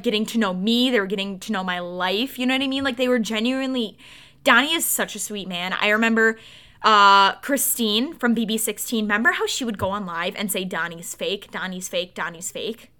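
A young woman in her twenties, co-hosting a podcast and telling a story in a casual, animated way with frequent laughs. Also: mid-range voice. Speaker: podcast co-host.

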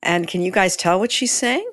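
A woman's voice: mid-range voice, sing-song, normal speed, a bit bright, dry recording, studio quality. A woman co-hosting a podcast in casual chat, playful and teasing, laughing often. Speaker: podcast co-host.

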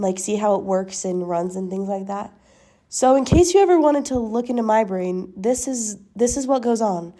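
A young woman hosts a podcast, rambling through casual chat in a warm, mid-range voice. She is self-deprecating and laughs often.

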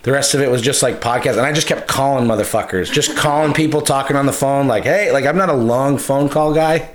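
Young man, podcast co-host, rambling profane storyteller, mid-pitched voice. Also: a little fast. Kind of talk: casual storytelling chat.

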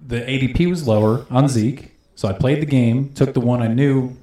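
A man's voice: mid-range voice, moderate pace, warm tone. Man, podcast co-host, casual chat, laid-back, echoey room. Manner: defensive, laid-back, repeats himself. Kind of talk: casual fantasy football chat. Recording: roomy echo.

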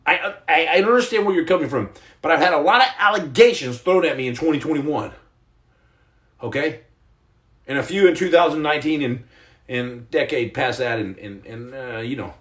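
High, lively-voiced man joking on a livestream. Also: normal speed, roomy sound. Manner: rambling, joking, frequent stammered restarts. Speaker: livestream host. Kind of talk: comedic live chat reading viewer comments.

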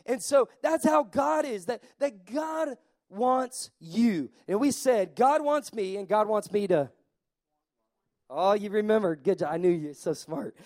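A pastor preaching to his congregation in a high, bright-sitting voice. He is animated, swinging from soft asides to loud calls, and often repeats words as he goes. The sound is dry and close. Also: no echo. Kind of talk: sermon. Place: church service.

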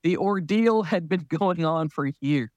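A man's voice: on the high side, unhurried, darkish tone, no echo, highs cut off. A man who is a clown and a parent, a podcast guest telling a story in casual talk and laughing often as he goes.

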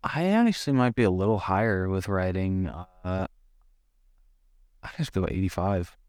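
A man co-hosting a casual movie review podcast, relaxed and rambling with mild swearing. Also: sits low, moderate pace, clear, resonant tone, no room sound, studio quality. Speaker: podcast co-host.

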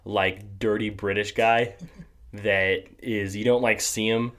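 Rambling low-voiced man chatting. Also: steady tone, takes it slowly, a bit bright. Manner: rambling, many fillers and restarts, laughs often. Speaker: podcast host. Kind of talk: casual chat.

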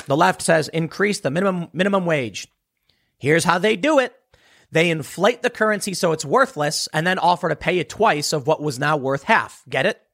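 A man's voice: on the high side, expressive, moderate pace, creaky, fairly bright tone. A man delivering a sarcastic political commentary monologue, emphatic and mocking his opponents.

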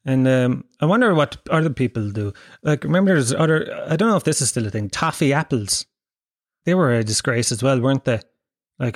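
A man's voice: medium pitch, animated, brisk, no echo, studio quality. A man telling rambling comic stories in a casual, profane, wry way, laughing as he goes.

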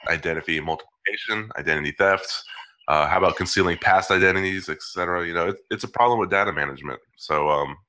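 A man's voice: sits low, fast talker, pushed and bright. A man co-hosting a podcast, talking in a loose conversational way. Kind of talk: casual chat.

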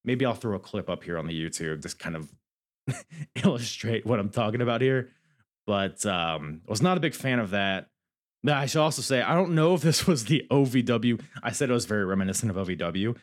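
A man's voice: on the low side, lively intonation, brisk. A man hosting a podcast, rambling candidly through a casual review and swearing freely. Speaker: podcast host.

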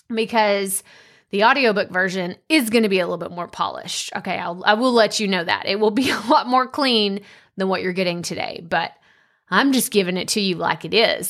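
A woman podcast host casually reading aloud from her own book, chatty and lively, often saying "like" and "okay". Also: medium pitch. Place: home office.

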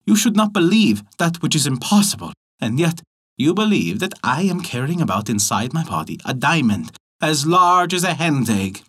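A man voicing a tiny, clever bird that mocks and teases in a raised, lively voice. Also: a little high, husky, pitched above the performer's own voice. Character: tiny clever mocking bird, sly and cheeky.

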